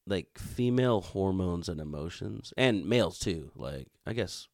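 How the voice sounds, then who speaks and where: A man's voice: low-pitched, expressive, a little slow, no echo, clean studio sound. A man in his thirties co-hosting a podcast, telling a rambling, profane story in casual chat. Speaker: podcast co-host.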